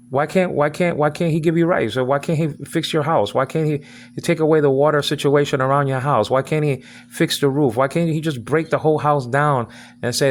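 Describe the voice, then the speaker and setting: A man's voice: fairly high pitch, a little hiss or hum. A man from the United States delivering an angry, rambling video message, repeating himself and stumbling over his words. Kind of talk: angry direct-address monologue.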